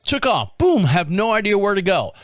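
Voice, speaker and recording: Guy hosting a radio show, kinda high voice, dry studio sound, rambly and laughing a lot. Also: very animated, normal speed, dry recording. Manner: rambling, chuckling storyteller. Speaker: podcast host. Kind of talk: casual radio chat.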